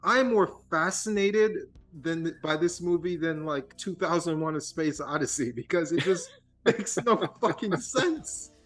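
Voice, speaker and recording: Animated man mocking a bad movie. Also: on the high side, measured pace. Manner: animated, swearing, mocking impressions. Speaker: podcast co-host. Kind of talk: casual film discussion.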